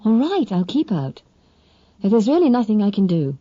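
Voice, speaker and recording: A woman voicing a spirited young woman who speaks in a brisk, coaxing and firm way. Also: mid-range voice, big pitch swings, warm tone, dry recording, highs cut off. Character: spirited young Englishwoman, kind but firm.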